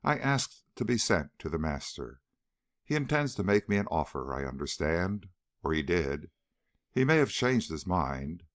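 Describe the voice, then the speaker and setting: A man's voice: deep voice, sing-song, full character voice. Man doing a dry-witted male agent. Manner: dry, mild, measured.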